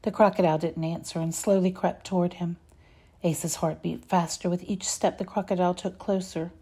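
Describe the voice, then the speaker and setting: A woman reading a children's story aloud, expressive and measured. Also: lowish voice, husky. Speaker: reader.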